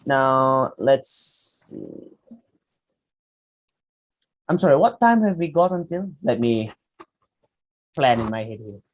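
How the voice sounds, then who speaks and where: Young malaysian guy running a speaking workshop, animated, talks w lots of asides, average pitch. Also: slow, long pauses, low-quality recording. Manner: chatty, animated and demonstrative, with frequent asides. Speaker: public speaking workshop trainer. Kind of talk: lecturing a workshop.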